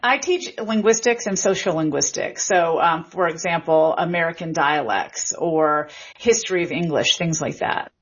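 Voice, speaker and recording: A woman's voice: on the low side, slightly rough. A woman, a linguistics professor, answering questions in a radio interview with an enthusiastic, explanatory manner. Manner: enthusiastic, explanatory, quick bursts when excited. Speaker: linguistics professor and author, guest. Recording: slightly muffled broadcast audio.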